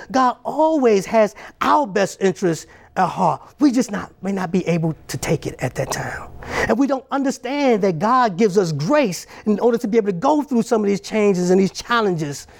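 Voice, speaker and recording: A man's voice: sits high, expressive, normal speed, gravelly, few pauses. A man preaching a sermon, emphatic and repetitive, building his points up line by line.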